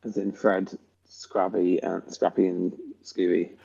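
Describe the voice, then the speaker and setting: A man's voice: low-pitched, a little slow, creaky, highs cut off. A man playing a tabletop horror game, asking questions in a jokey, casual way. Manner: lively, jokey, slips into cartoon impressions. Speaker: player.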